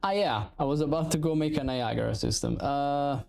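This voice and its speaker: Italian man, game dev streamer, rambling, swears a lot, lively ranting, faint music behind. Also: on the high side, fairly quick, creaky. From Italy. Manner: rambling, profane, animated ranting. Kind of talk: casual livestream chat.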